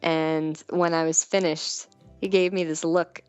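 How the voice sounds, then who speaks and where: A woman's voice: low-pitched, level tone, a little slow, darkish tone, clear, resonant tone, dull audio, soft background music. A woman guest on a podcast, chatting candidly and giggling as she tells stories and acts out what people said. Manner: giggly storytelling, acts out quoted dialogue. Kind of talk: candid casual chat.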